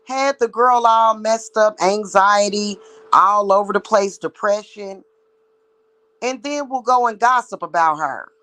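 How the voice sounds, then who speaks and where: A woman's voice: medium pitch, measured pace, a bit bright, poor audio. Woman ranting bluntly with heavy profanity. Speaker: psychic reader and spiritual practitioner. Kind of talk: ranting vlog monologue.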